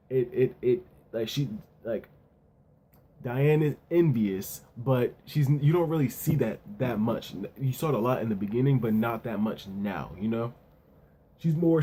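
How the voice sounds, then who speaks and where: A man's voice: mid-range voice, dark tone, slight background noise. A man casually reviewing a manga chapter, talking loosely in slang with plenty of "yo" and "you know what I'm saying.".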